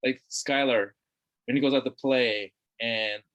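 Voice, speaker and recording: A man's voice: mid-range voice, fairly even intonation, measured pace, fairly bright tone, dull audio. A middle-aged man from Hawaii, a guest talking earnestly in a casual conversation, repeating words for emphasis. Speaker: interview guest.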